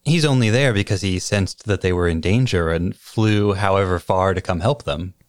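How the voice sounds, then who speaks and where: A man co-hosting a podcast, giving a measured, analytical discussion. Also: sits low, no room sound, clean studio sound. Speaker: podcast co-host.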